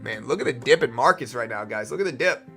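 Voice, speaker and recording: A man's voice: medium pitch, lively intonation, fast talker, sharp tone, soft background music. A young man from Louisiana with a slight Louisiana accent, casually hosting a trading livestream and answering chat questions. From Louisiana, USA. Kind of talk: casual live-stream commentary.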